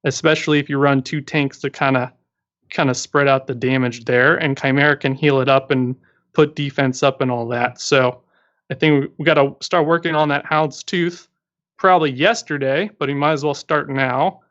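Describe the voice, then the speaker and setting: A man's voice: medium pitch, fairly even intonation, moderate pace, fairly bright tone. Man with dull lo-fi stream audio. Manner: explanatory, self-correcting, joking. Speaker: co-host giving game roster advice. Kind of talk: casual livestream chat.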